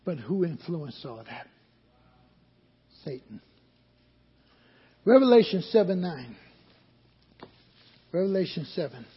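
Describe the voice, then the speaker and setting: A man's voice: fairly high pitch, sing-song, takes it slowly, pauses often, husky. A male preacher delivering a sermon, asking the congregation questions and answering them himself. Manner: call-and-response questions to the congregation. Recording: dull recording with long hall reverb.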